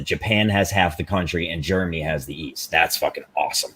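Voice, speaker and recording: Deep husky man, blunt and emphatic. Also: a little fast, fairly bright tone. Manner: blunt, emphatic, swears freely. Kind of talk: casual chat.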